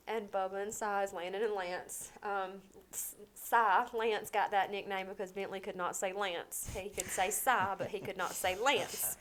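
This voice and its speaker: A woman, a podcast guest telling an emotional personal story, halting and pausing with frequent fillers. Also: mid-range voice, level tone. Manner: halting, with many pauses and fillers.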